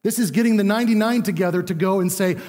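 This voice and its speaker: A man's voice: high voice, quick pace, a little mellow. A man preaching a sermon in a conversational teaching manner, acting out what people say. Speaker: pastor. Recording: long reverb of a large room.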